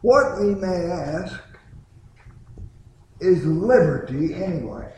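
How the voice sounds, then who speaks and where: A man preaching a sermon, slow and deliberate, with dramatic pauses and emphatic peaks. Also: high voice, lively intonation, darkish tone, slight background noise. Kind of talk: sermon with sung hymn opening. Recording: echoey room.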